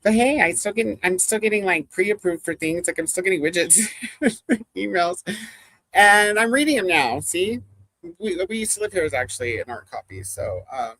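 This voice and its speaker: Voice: mid-range voice, animated, normal speed, fairly bright tone, no room sound. A livestream host chatting casually with viewers, rambling, laughing often and reading comments aloud. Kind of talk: casual chat with live viewers.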